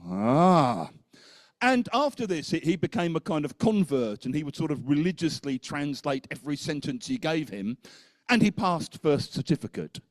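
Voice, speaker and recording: A man speaking at a teachers' conference, a lively storyteller who keeps checking in with the audience. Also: a little high, moderate pace, no echo. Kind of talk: conference talk.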